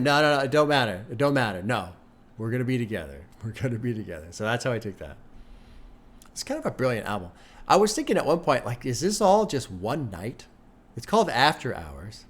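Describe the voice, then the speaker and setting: An older man hosting an album reaction, thinking aloud in a loose, conversational way and swearing casually. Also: medium pitch. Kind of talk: casual music reaction commentary. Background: music playing faintly.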